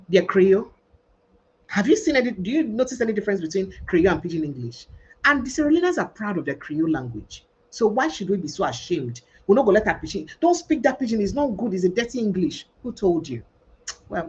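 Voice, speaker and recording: A woman's voice: mid-range voice, darkish tone, slightly rough, muffled recording. A Nigerian woman hosting a podcast livestream, talking emphatically and mixing Pidgin with English. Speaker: podcast host. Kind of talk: casual livestream discussion.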